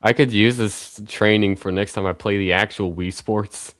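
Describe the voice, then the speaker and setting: A man's voice: fairly low pitch, fairly even intonation, moderate pace, a bit bright, no echo. A young man streaming, chatting casually in a rambling way with lots of fillers and little laughs.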